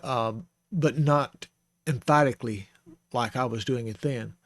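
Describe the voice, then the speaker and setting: Slow, patient man teaching letters. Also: medium pitch. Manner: slow and patient, spells out sounds, small self-corrections. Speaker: Bible Hebrew teacher. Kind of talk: informal teaching. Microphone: close microphone.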